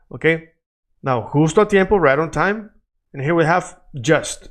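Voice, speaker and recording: A man's voice: mid-range voice, vocal fry. A man teaching an online lesson, explaining in English and repeating phrases over and over for the learner. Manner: switches between English explanation and Spanish examples. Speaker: Spanish teacher.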